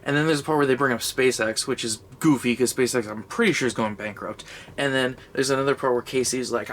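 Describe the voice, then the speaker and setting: A man's voice: mid-range voice, fast, a bit bright, slight background noise. A young man giving a casual, rambling comedic movie review, sarcastic and sweary, laughing as he goes.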